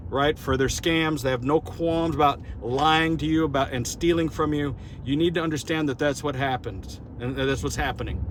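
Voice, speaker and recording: A slightly high-voiced man rambles through an outdoor phone vlog, repeating words as he retells conversations. Faint city street noise sits behind his voice. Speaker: vlogger. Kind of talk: casual vlog recap.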